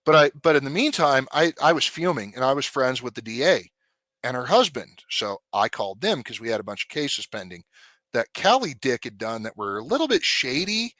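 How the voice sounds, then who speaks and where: A man's voice: medium pitch, brisk, dry recording. A man, a former police officer, telling his story in a casual, blunt and profane way. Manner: blunt, profane, animated retelling.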